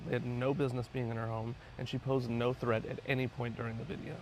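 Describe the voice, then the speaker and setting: A man's voice: mid-range voice, slight background noise. A man giving frustrated opinion commentary, asking pointed questions. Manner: frustrated, questioning, often drops to a quiet voice.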